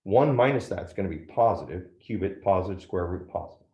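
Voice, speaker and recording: A man's voice: sits low, lively intonation, a little fast, reverberant, lo-fi sound. A man teaching a math lesson step by step, often checking in with "right?". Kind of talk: classroom lecture at a whiteboard.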